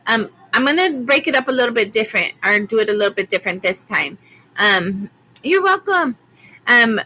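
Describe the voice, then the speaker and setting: On a low-quality recording, an Arizona tarot reader with school-age kids chats her way through a live-stream reading, rambling and saying um often. Her voice sits fairly high and has a sharp tone.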